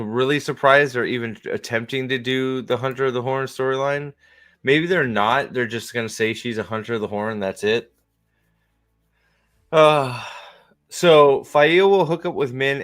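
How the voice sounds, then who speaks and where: A man's voice: medium pitch, fairly bright tone. Rambling, mocking male podcast host. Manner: rambling, mocking, with frequent restarts. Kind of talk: comedic rant.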